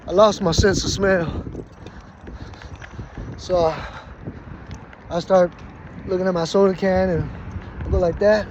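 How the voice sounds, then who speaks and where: A young man with a notably high voice rambles through a story, swearing freely. His delivery is loose and casual, drifting between thoughts. The audio is muffled and lo-fi, with loud noise running behind him.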